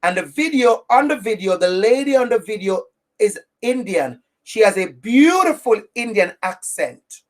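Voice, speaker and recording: A woman with an accent giving an impassioned webinar talk as an anti-racism educator, speaking directly and repeating phrases for stress. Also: medium pitch. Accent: non-native English accent.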